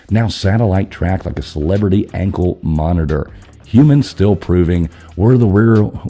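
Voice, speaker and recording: A man hosting a podcast, running through the news with crude, irreverent jokes and quick asides. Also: low voice, mellow, husky. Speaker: podcast host. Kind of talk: crude comedic news rundown.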